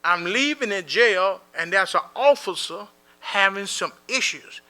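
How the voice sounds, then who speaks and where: Addressing a community gathering with a motivational talk, this Muslim prison chaplain uses a high-pitched, bright, forceful voice with lively intonation, speaking a little slowly. His stories are plainspoken, with the dialogue acted out scene by scene and key phrases repeated for emphasis.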